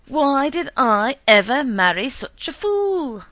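A petulant, easily upset husband who bellows his points and will not let a matter drop, as a woman reads him. The voice swings widely and carries a gravelly edge, recorded close and dry. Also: a little high, very animated, measured pace, no room sound, full character voice. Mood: shouting angrily. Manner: loud, insistent outbursts.

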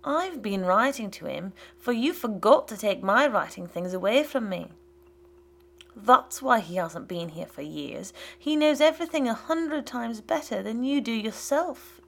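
A woman voicing a bitter, domineering old father who mocks and rants in loud outbursts. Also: on the high side, expressive, unhurried, creaky, heavily acted. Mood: mocking. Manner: mocking and ranting, loud outbursts.

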